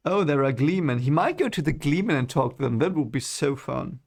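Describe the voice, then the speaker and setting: Gravelly man reacting casually to a book. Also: fairly high pitch, lively intonation, a little fast, a little mellow. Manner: chatty, laughs often, frequent fillers. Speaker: book reader reacting to a novel. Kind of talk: casual reading reaction commentary.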